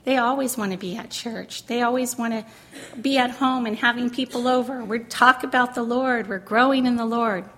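A middle-aged woman sharing a personal testimony in a sermon, earnest and emotional, drawing words out slowly for emphasis. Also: on the high side, fairly even intonation, fairly bright tone. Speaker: pastor's wife speaking to a congregation.

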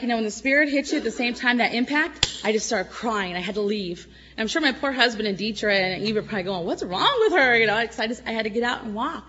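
A middle-aged woman giving an emotional church testimony, at times tearful, swinging between loud exclamations and soft murmurs. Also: mid-range voice, a little fast, husky, highs cut off.

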